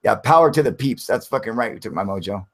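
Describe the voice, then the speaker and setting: A man's voice: fairly low pitch, expressive, fast talker. Profane, fired-up male stream host. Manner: heated, profane ranting. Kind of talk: casual live stream chat.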